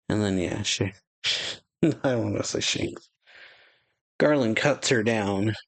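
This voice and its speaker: A man with a low voice and a gravelly texture talks through a manga chapter as host of his own reaction channel. He reads each character's lines plainly and slips in short laughs and comments. The sound is dry and close, with no room in it. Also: normal speed, dry recording, poor audio. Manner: reads manga dialogue aloud in a plain voice, adding chuckles and asides. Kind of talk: casual reading and commentary.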